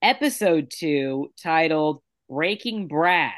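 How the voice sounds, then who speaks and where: Exasperated co-host on a rant. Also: male voice, on the high side, lively intonation, slow pace, a bit bright. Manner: ranting, exasperated. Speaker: podcast co-host. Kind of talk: casual podcast chat.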